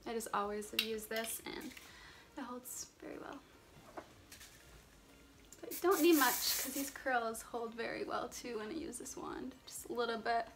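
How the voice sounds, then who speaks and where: A woman's voice: a little high, measured pace, pauses often, background noise. Chatty young woman filming on her phone. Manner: chatty, rambling, lots of filler words. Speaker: beauty vlogger. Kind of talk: casual hair tutorial chat. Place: warm room at home. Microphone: phone camera.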